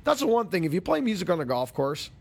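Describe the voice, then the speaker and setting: A man's voice: high-pitched, sing-song, quick pace, gravelly, a little mellow, husky. A male golf show host chatting casually with a co-host and reading a product plug in a self-deprecating way. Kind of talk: casual show chat and ad read.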